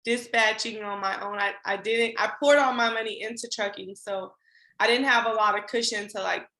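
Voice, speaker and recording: A bright-voiced woman in her thirties tells her story as a podcast guest, candid and animated, slipping into quick voiced asides. Her voice rings in an echoey room. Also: a little high. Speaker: podcast guest, trucking business owner.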